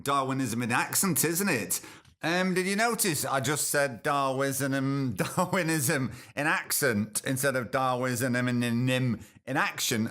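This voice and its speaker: Sarcastic man with a bright voice. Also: medium pitch. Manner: sarcastic, mocking asides, chatty. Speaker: host. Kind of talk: casual commentary, reading news aloud.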